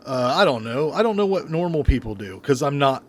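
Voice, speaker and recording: A man's voice: mid-range voice, animated, a little fast, slight background noise. A middle-aged man co-hosting a podcast from his bedroom, laid-back and swearing, with hesitant restarts. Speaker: podcast co-host. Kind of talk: casual chat. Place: bedroom at home.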